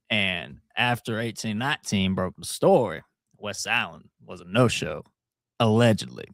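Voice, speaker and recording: Man, low voice, dry studio sound, animated storyteller, co-host. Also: dry recording. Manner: animated storytelling, laughs often. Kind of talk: casual political talk show chat.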